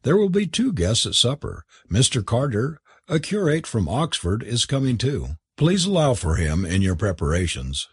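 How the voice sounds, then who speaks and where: A man voicing a brisk, stern young lady of the house who talks in a crisp, commanding way. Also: medium pitch, sing-song, dry recording, clean studio sound, full character voice. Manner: crisp, commanding, faintly amused.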